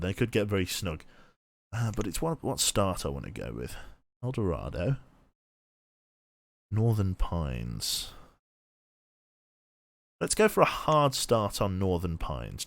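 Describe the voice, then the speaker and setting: A man's voice: on the low side, no room sound. A man streaming a game, thinking aloud and rambling to himself with many restarts. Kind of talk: casual thinking-aloud gameplay commentary.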